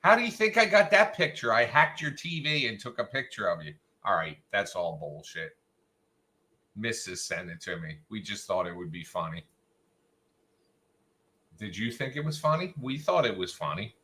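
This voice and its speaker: Male livestream host, unhurried and teasing, sharp tone with a lively swing in pitch. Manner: teasing, joking. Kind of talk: casual live chat.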